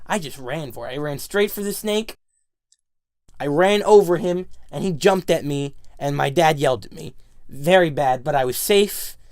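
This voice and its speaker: A man dramatically telling a near-death story in casual chat, excitable and stumbling over his words. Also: fairly high pitch, no echo, studio quality. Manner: dramatic, excitable, frequent restarts.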